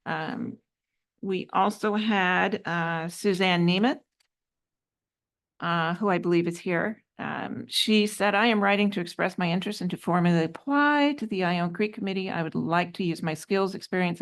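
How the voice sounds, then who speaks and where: A woman's voice: on the low side, normal speed. A woman on a city council, reading applicants' letters aloud at a meeting, hesitant, with many ums and slips. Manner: hesitant, many ums, trips over words. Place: council chamber.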